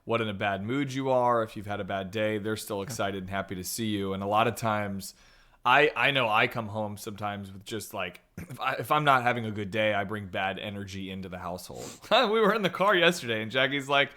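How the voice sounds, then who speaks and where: A man chatting as a podcast guest, telling a personal story in a relaxed way. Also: lowish voice, fairly quick. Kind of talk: casual podcast chat.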